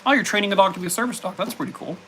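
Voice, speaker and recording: A man's voice: sits high, rapid-fire, sharp tone, slight background noise. Rambling man chatting on a live stream. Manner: rambling, heavy on "like" and "uh" fillers; breaks off to talk to his dogs in a playful pet voice. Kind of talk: casual live-stream chat.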